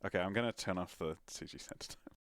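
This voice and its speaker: A man's voice: low-pitched, fast, a bit bright. A man co-commentating a game tournament in a chatty, easygoing way, laughing often, over a noisy voice chat recording. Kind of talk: casual live commentary.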